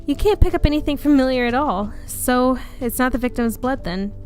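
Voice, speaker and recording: A woman's voice: high-pitched, a little fast, darkish tone, soft background music, lightly acted. Woman reading a stubborn young medium. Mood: earnest. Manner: read plainly in her own voice.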